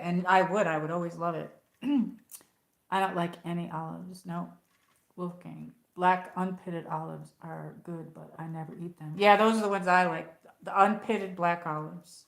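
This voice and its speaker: A woman's voice: lowish voice, steady tone, normal speed, vocal fry. A middle-aged American woman chatting casually on her livestream, rambling and reading viewer comments aloud. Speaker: livestream host. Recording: echoey room.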